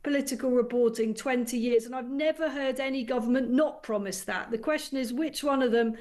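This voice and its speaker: A woman, a radio station's international editor, giving brisk and sharply critical political commentary as a studio guest. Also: sits high, darkish tone.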